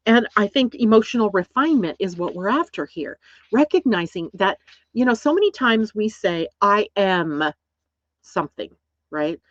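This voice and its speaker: A woman talks through astrology in a relaxed, reflective teaching style and keeps checking in with "right?". Her voice sits at an ordinary middle pitch. The recording sounds dry and a bit dull and lo-fi. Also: normal speed, no echo. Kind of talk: casual explanatory talk.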